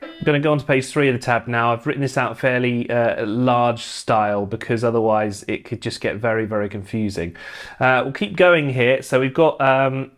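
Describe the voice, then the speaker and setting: A man teaching a guitar lesson, calmly talking through strumming patterns and chord shapes, stopping between explanations to demonstrate. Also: mid-range voice. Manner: relaxed, explaining step by step with pauses to play. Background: loud guitar playing between phrases.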